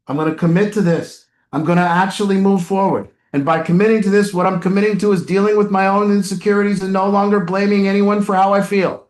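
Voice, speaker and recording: A man leads a recovery support group with a blunt, emphatic delivery and the occasional swear word. His voice sits high for a man. The room around him rings with echo. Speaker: addiction recovery group coach. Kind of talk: group coaching session. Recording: roomy echo.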